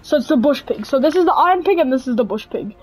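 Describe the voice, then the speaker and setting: A woman's voice: sits high, lively intonation, fast, darkish tone, poor audio. A young South African woman, a native Afrikaans speaker, giving casual, hesitant gameplay commentary full of fillers. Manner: hesitant, many fillers and restarts. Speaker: gaming video creator.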